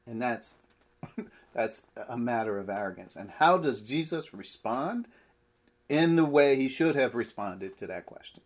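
Husky-voiced man preaching with animated swings. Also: medium pitch, a little slow. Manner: animated, rhetorical questions, laughs mid-phrase. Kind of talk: sermon.

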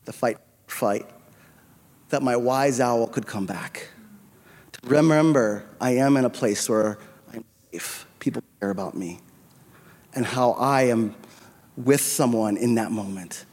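A middle-aged man preaches from a church stage, his mid-pitched voice carrying through a handheld microphone. He tells a personal story in an earnest, confessional way, quoting his own quiet prayers. The sanctuary adds a long, ringing reverb to every phrase. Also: a little slow, long pauses, slightly rough. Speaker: pastor. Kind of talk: sermon.

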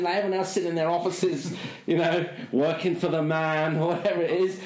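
Middle-aged man, rambling self-mocking storyteller, fairly high voice, echoey room. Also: steady tone, fairly quick. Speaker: podcast co-host. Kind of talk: casual chat.

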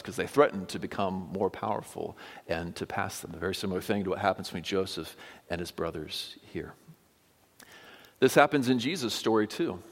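A man preaching a sermon with emphatic stresses that drop to quiet, almost whispered asides. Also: lowish voice. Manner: emphatic, swings from loud stresses to quiet drops. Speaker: pastor. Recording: long hall reverb.

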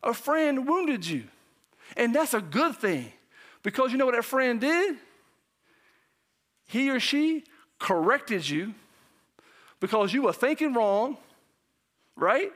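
A male pastor delivers an animated sermon, repeatedly posing questions to the congregation and occasionally sinking to a hushed near-whisper. His pitch is extremely high, and he speaks slowly with frequent pauses.

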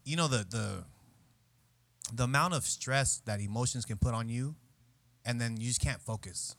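A man's voice: mid-range voice, normal speed, creaky, fairly bright tone, no room sound. A man hosting a podcast at a bar, talking in a loose, rambling way and acting out quotes in voices. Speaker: podcast host. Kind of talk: casual chat.

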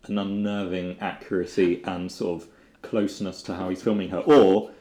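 A man's voice: sits low, little pitch movement, normal speed, mellow, reverberant. A man co-hosting a podcast in casual chat, with dry, wry analysis. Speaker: podcast co-host.

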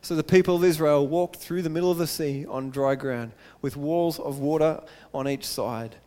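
A man preaching a sermon earnestly, repeating phrases and building to excited emphasis. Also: on the high side, normal speed, long reverb tail.

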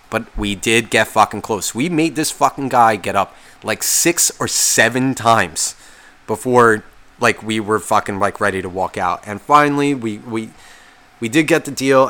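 A podcast host with a fairly low, slightly bright voice tells a story as a casual rant. He swears nonstop and comes across as exasperated and sarcastic.

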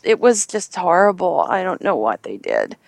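A woman's voice: fairly low pitch, sing-song, normal speed, gravelly, no room sound. A woman hosting a casual entertainment news chat, enthusiastic and rambling, with frequent fillers. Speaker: host.

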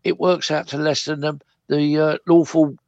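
A man's voice: on the high side, little pitch movement, moderate pace, darkish tone, no room sound, lo-fi sound. An older man, a guest actor telling chatty stories and acting out the voices of people he quotes. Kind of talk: casual anecdotal chat.

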